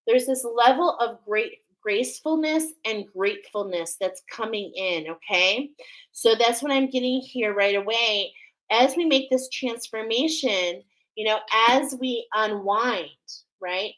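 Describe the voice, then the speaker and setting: A middle-aged Australian woman does a relaxed spiritual oracle card reading, chatting with her viewers like friends. Her voice is slightly high and a bit bright, her pace unhurried, and the audio quality poor.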